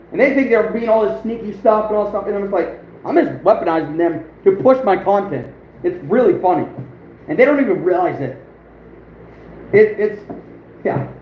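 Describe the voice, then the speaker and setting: Male livestream host, high voice, boastful rambling chatter with frequent chuckles, recorded in a roomy space over faint background noise. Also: highs cut off. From United States. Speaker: outdoors channel host, livestreaming. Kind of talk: casual livestream chat.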